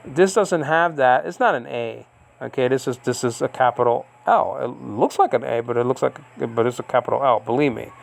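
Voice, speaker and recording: A man's voice: mid-range voice, moderate pace, gravelly. A man teaching a recorded Greek lesson, explaining step by step with many fillers and frequent checks that the listener follows. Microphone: recording on a device he operates.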